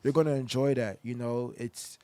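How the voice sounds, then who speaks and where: A man's voice: medium pitch, steady tone, normal speed, mellow, no echo. A man co-hosting a podcast in casual chat, earnest and preachy in places. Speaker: podcast co-host.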